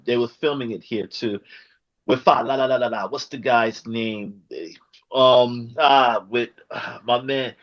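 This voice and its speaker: A man's voice: mid-range voice, a bit bright, muffled recording. A man interviewing a guest in a casual chat, rambling and searching for words.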